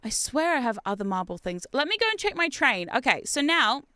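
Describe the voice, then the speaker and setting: An Australian woman streaming a game, chatting casually with viewers in an excitable, talkative way and laughing often. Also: high voice, fairly quick, no echo, clean studio sound. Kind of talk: casual gameplay chat with viewers.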